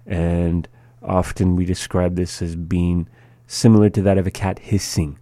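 A man teaching a language lesson, saying each word and then repeating it slowly and patiently for practice. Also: low-pitched, level tone, dark tone, no room sound. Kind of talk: slow spoken language lesson.

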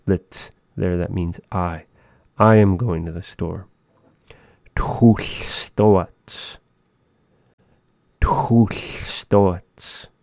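A man giving a language lesson, thinking aloud in a slow, measured way with frequent pauses. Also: deep voice, creaky, a little mellow, no echo, clean studio sound. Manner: slow, measured, pausing often. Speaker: language teacher.

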